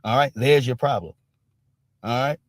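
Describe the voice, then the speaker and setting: A man with a mid-range voice and moderate pace hosts a casual live-stream commentary, recorded without echo. His delivery is emphatic, blunt, and profane street talk, with "all right?" punctuating nearly every point.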